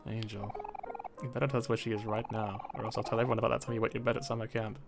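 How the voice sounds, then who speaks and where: A player voicing a brash, excitable young boy who talks bluntly. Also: medium pitch, racing, creaky, over music, voice pushed down, lightly acted.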